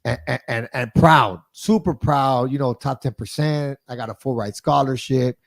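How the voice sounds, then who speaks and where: A man in his forties hosting a podcast, telling a story in lively, casual chat that often starts with "hey". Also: mid-range voice, normal speed, vocal fry. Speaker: podcast host.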